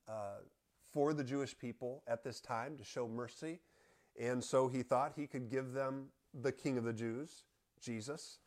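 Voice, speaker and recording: A man reading scripture aloud and explaining it to a Bible study group in an earnest, measured way. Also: mid-range voice, darkish tone.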